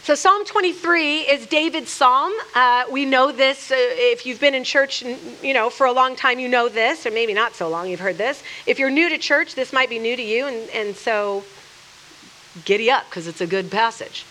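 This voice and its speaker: A woman teaches scripture to a group in a room in an earnest, chatty way. She restarts sentences often and slips into little acted-out quotes. Her voice sits high and sounds bright. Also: moderate pace, a little hiss or hum. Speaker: speaker leading a church workshop. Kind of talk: conversational sermon.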